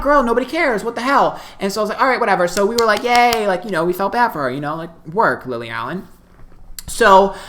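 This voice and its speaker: A woman telling a funny story in a casual chatty way, often acting out what people said in high excited voices and breaking into laughter. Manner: chatty, animated, laughs a lot; quotes people in loud high squeals. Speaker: vlogger.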